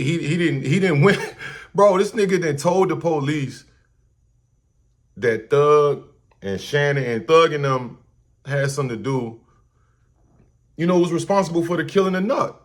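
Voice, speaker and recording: A man hosting a casual reaction commentary, talking loosely in slang and profanity with many restarts and repeated words. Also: a little high. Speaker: host.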